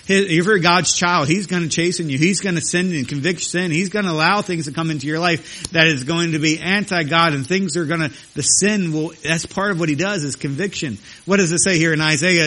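A man's voice: on the high side, bright, forceful tone. A man preaching a sermon as pastor, emphatic and repetitive, his voice jumping up when he acts out quoted voices. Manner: emphatic, repeats phrases, rises sharply for quoted voices.

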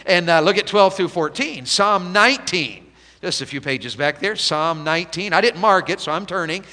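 A man preaching a revival sermon with a high, bright, ringing voice. He swings from hushed, slow pleading to loud exhortation that climbs even higher. The sound carries a long reverb from a church hall. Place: church sanctuary.

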